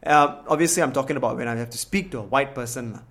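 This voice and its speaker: A man's voice: mid-range voice, racing. A man from Singapore with a Singaporean English accent, co-hosting a casual podcast chat and telling stories candidly. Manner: animated, storytelling, candid.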